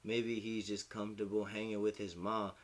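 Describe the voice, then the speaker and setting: A man's voice: on the low side, level tone, normal speed. A young man in casual chat as a streamer, rambling, heartfelt and profane. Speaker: hip-hop commentary streamer.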